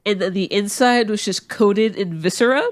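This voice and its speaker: Here the Atlanta co-host talks at normal speed in a high-pitched voice. Chatting casually on the podcast, he wanders through a long story, leaning on fillers and restarting often.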